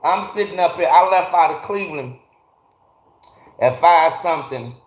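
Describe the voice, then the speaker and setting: A man's voice: on the high side, moderate pace, very noisy. A man hosting a casual livestream, ranting bluntly with lots of swearing and greeting his chat viewers by name, talking into a phone from a garage. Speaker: livestream host. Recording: echoey garage.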